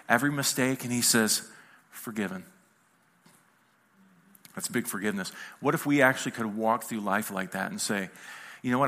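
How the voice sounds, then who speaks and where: A man's voice: mid-range voice, bright, forceful tone. A male pastor preaching a conversational sermon to a congregation in a church, mixing humor with acted-out quotes.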